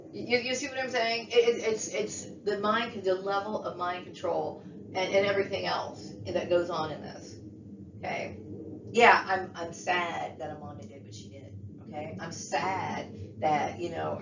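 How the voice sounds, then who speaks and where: A woman's voice: fairly low pitch, a little hiss or hum. A woman vlogger delivering an emotional, agitated monologue, repeating herself and checking in with "okay?" and "you know what I mean?". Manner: agitated, repetitive, keeps asking "okay?". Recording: dull, echoey room, mic far off.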